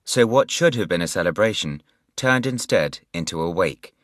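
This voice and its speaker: A man with a very deep voice reads a novel aloud in measured, scripted narration. The recording is dry and close, with no room sound. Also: animated, no echo. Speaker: audiobook narrator.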